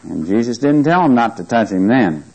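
A man's voice: mid-range voice, very animated, moderate pace, a little mellow, rough recording. A man teaching a Bible study, reading scripture aloud with emphasis and often checking whether listeners follow him. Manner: asks the listeners questions often.

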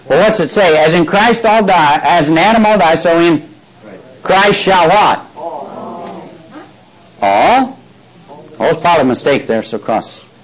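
A man's voice: on the high side, big pitch swings, measured pace, long pauses, low-quality recording. An older man preaching a folksy sermon, often asking his listeners questions and reading scripture aloud. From Texas.

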